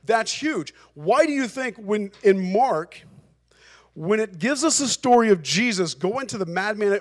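Male pastor giving a sermon, high voice, hammers points home by repeating them. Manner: emphatic, repeats phrases for emphasis.

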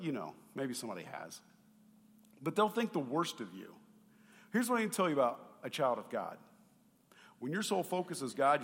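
Pastor preaching in a reverberant hall. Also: male voice, mid-range voice. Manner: animated, swings between loud emphasis and quiet asides; conversational, asks the congregation questions. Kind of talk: sermon.

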